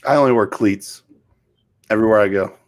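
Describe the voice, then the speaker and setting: A man's voice: lowish voice, a little fast. Easygoing middle-aged man, rambling chat. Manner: rambling, easygoing, casual storyteller. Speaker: podcast co-host. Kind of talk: casual chat.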